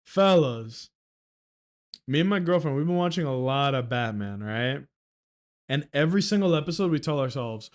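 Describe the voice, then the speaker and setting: A young man chatting casually on a livestream, excitable and swearing, with sudden loud outbursts. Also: mid-range voice, normal speed. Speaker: streamer.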